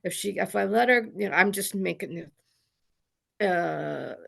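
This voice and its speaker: A woman's voice: medium pitch, fairly quick, creaky, a bit bright, breathy edge. A woman sharing a personal story in an online group, earnest and rambling, with many restarts. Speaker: study group participant. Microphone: video call.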